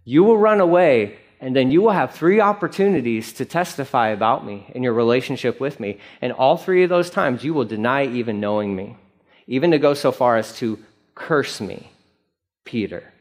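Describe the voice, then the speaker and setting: A pastor voicing a gentle man calmly rebuking a friend, in his own voice but lower and quieter. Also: normal speed, close to an everyday voice. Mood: gentle rebuke. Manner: gentle and solemn.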